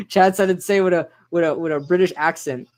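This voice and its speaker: A young man casually reacting live to a football game, chatting with viewers and shouting out their names. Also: high-pitched, normal speed. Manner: excitable, chatty, reads out chat names. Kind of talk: casual live-stream commentary.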